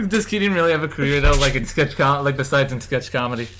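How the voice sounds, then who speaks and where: A man's voice: mid-range voice, lively intonation, fast talker, noisy background. A young man co-hosting a casual comedy podcast, laughing often and asking the guest questions. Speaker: podcast co-host. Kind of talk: casual joking chat.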